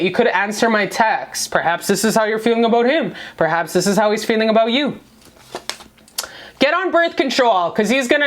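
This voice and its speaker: A young woman giving a love tarot reading to camera, effusive and emotional, swearing freely and repeating "you guys". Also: a little high. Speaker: tarot reader.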